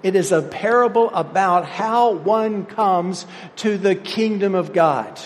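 A man's voice: high-pitched, slow, in a large hall, a little hiss or hum. A man preaching a sermon, stressing his points with rising emphasis and quoting scripture figures. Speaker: pastor.

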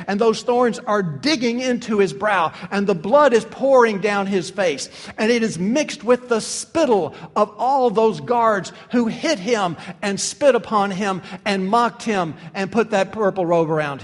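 A male preacher delivers an impassioned sermon in a high, ringing voice. He drives his points home with vivid, emphatic detail, and each line carries long reverb from a large room. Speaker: pastor.

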